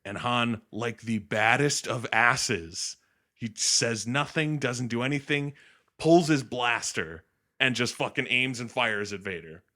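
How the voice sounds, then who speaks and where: A man retelling a film in casual chat, animated and swearing, slipping into quick impressions of the characters. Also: mid-range voice. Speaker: co-host. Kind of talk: casual movie recap chat.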